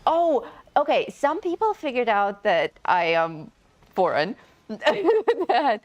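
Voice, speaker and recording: Slow-talking giggly woman co-host. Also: on the high side, very animated, dull audio. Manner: giggly, good-natured. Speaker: co-host of a game livestream. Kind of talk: casual livestream chat.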